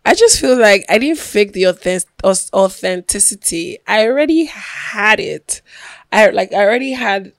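A woman's voice: medium pitch, animated, moderate pace, dry recording, studio quality. Laid-back Nigerian woman, mock-exasperated. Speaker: podcast co-host. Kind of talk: casual chat. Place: recording studio.

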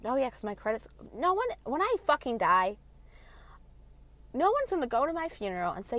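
A woman's voice: on the high side, sing-song, a little fast, fairly bright tone. A woman in her late twenties ranting from her car, heated, blunt and full of swearing. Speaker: vlogger. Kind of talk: passionate rant.

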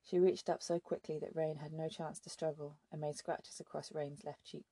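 A woman reading a novel aloud as an audiobook narrator, in a steady, measured storytelling manner. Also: sits low, breathy edge, dry recording. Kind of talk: scripted narration.

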